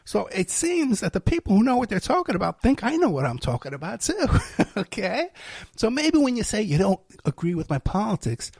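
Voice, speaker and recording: A man hosts his own show and rambles through a sarcastic, self-mocking rant. His voice is gravelly and husky, sitting a little high for a man. The sound is close and dry. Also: big pitch swings, brisk, darkish tone, dry recording. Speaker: host. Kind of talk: casual ranting monologue.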